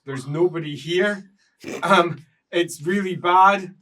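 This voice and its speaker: A man's voice: sits high, takes it slowly, a bit bright, distant mic. A man narrating as game master in a tabletop role-playing game, playful and often laughing.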